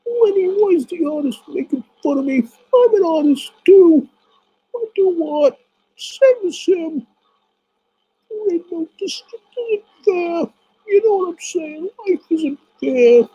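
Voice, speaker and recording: A whiny squeaky vampire artist. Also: male voice, expressive, takes it slowly, mellow, exaggerated voice, rough recording. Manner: whining, hurt, pleading. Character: whiny high-voiced male vampire artist, childish.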